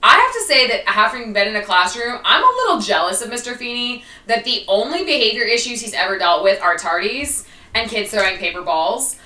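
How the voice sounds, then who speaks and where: A chatty woman co-hosting a podcast in a relaxed, rambling way. Her voice is bright and sits a bit away from the mic. The room adds a roomy echo. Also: a little high, a little fast, far from the mic. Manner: chatty, many fillers and laughs. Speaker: podcast co-host, former teacher. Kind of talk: casual podcast chat.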